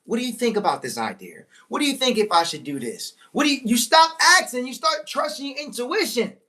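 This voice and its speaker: A woman giving a motivational talk to viewers, preachy and emphatic, repeating key lines, slowing on big points and breaking into excited exclamations. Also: a little high. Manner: slows right down on key phrases. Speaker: motivational speaker. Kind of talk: live-stream motivational talk.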